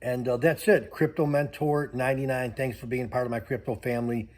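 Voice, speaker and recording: A man's voice: medium pitch, fairly even intonation, fairly quick. An older man, a grandfather, chatting casually and rambling to his channel's viewers with many fillers. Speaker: vlogger. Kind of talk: casual chat to camera.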